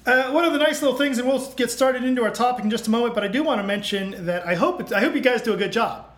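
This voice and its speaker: High-voiced joking male podcast host. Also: fast talker, fairly bright tone. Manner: joking, bawdy, loose. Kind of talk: casual podcast chat and sponsor reads.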